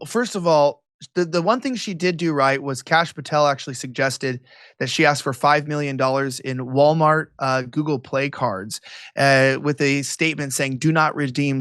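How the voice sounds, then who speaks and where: A male political commentator talking as an interview guest, quick and sarcastic, with a mocking edge. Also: fairly high pitch, fairly bright tone, no room sound, clean studio sound. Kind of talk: animated interview talk.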